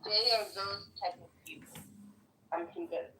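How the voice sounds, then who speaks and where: A woman's voice: mid-range voice, steady tone, unhurried, sharp tone, recorded from a distance, a little hiss or hum, poor audio. A woman in a casual chat on a social audio app, blunt and opinionated.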